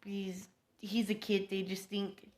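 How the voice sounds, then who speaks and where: A woman's voice: medium pitch, flat delivery, slow, darkish tone. A woman improvising a fan-fiction story aloud, hesitant with many fillers and restarts.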